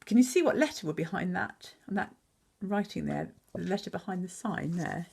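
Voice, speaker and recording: A woman teacher reading a picture book aloud, pausing to chat and quiz the listener on words. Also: on the low side, animated, gravelly, darkish tone, slightly rough. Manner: chatty, asks the listener questions.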